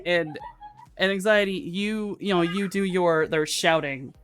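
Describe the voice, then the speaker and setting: A woman running a tabletop game as game master, narrating the action in a loose, profane way with many pauses. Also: on the low side, faint music behind. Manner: loose and profane, halting with fillers.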